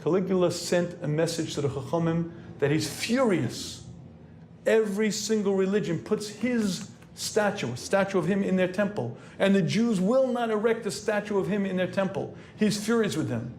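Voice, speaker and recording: A man, a rabbi, preaching a sermon in an earnest, lecturing way, often clearing his throat as he goes. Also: high voice, expressive, normal speed, a little mellow, slight background noise.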